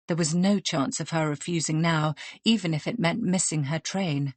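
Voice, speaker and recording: A woman reads an audiobook in steady, even narration. Her voice sits low and a little husky. The recording is close and dry, with no room sound. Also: normal speed, dry recording.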